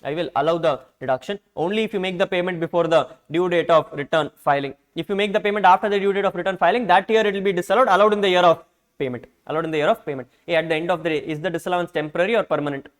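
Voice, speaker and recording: A man with an Indian English accent lectures on tax law, repeating every point and quizzing the class with rhetorical questions. He speaks very fast in a high voice, and the recording quality is low.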